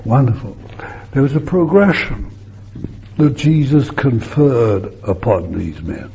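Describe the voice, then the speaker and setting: An older man preaching a sermon, swinging between loud emphatic bursts and soft hushed asides, on a muffled old recording with faint hiss. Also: medium pitch, animated, slow.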